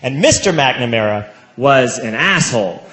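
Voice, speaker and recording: A young man from the Chicago area, a stand-up comedian telling a story, animated and shouting his punchlines. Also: mid-range voice, moderate pace. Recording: echoey with loud background noise.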